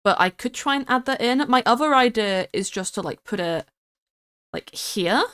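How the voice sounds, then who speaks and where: A woman's voice: a little high, expressive, moderate pace, fairly bright tone, clean tone. A young woman from the United Kingdom, a streamer chatting casually and rambling while she builds in a game, often giggling and swearing.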